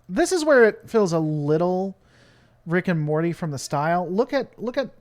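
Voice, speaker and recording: A man's voice: sits high, expressive, moderate pace. A man from the United States hosting his channel, rambling and joking with lots of fillers in casual live-stream commentary. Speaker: channel host.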